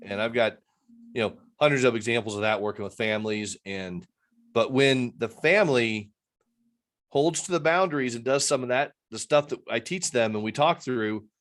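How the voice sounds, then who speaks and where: Earnest man, mid-pitched, video call. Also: moderate pace, fairly bright tone. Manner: rambling and earnest, acting out quoted people. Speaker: addiction interventionist guest. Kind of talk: interview over a video call.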